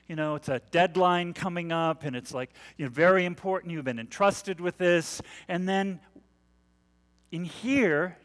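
A man's voice: high voice, fairly bright tone, long reverb tail. A man preaching a conversational sermon, asking the congregation questions and leaning on casual fillers. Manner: chatty, asks the congregation questions, many fillers. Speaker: pastor. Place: church sanctuary.

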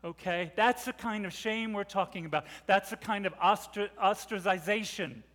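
A middle-aged man preaching a sermon, telling the story dramatically and swelling from hushed to loud. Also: high-pitched, moderate pace. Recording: long reverb of a large hall.

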